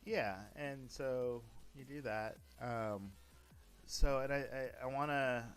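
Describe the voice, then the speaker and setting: A man streaming, talking casually about running a role-play server, rambling with frequent restarts and self-corrections. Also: mid-range voice. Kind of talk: casual livestream talk.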